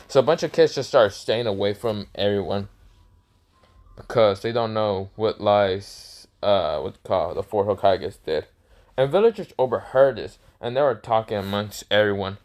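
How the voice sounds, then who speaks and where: A man's voice: lowish voice, normal speed. Young guy rambling through a made-up story, lots of ums and self corrections. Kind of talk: casual improvised storytelling.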